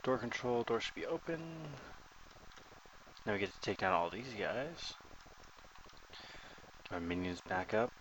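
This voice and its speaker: Male gamer, fairly low voice, casual thinking-aloud commentary. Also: sing-song, a little slow, long pauses, a bit bright, a little hiss or hum, low-quality recording. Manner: thinks aloud while playing, chatty and joking. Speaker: gamer commentating his own play.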